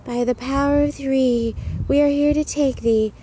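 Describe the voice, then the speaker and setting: Woman doing schoolgirl witches chanting a spell in sing-song, soft ASMR story read. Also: high-pitched, fairly even intonation, moderate pace, a little hiss or hum, pitched above the performer's own voice, close to an everyday voice. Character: two young witch girls chanting a spell.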